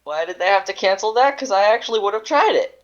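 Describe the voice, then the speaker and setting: A man's voice: sits high, animated, fast talker, highs cut off. A man co-hosting a casual gaming show, rambling playfully and restarting his sentences. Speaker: podcast co-host. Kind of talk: casual banter about games.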